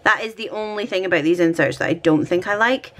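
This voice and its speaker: A woman's voice: fairly low pitch, quick pace, fairly bright tone, a little hiss or hum. A Scottish woman vlogging at home, chatting and thinking aloud while she decorates her planner, often poking fun at herself.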